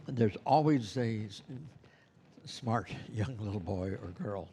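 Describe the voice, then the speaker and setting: A man's voice: lowish voice, takes it slowly, dark tone, slight background noise. Rambling, chatty male Santa-school instructor. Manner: rambling and conversational, with many "you know"s. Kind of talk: teaching a class. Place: classroom with students present.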